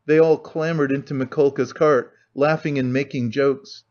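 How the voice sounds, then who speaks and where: A man reading a classic novel aloud as an audiobook narrator, in a measured storytelling manner. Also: mid-range voice, fairly even intonation, a little mellow. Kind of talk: scripted narration. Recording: muffled lo-fi audio.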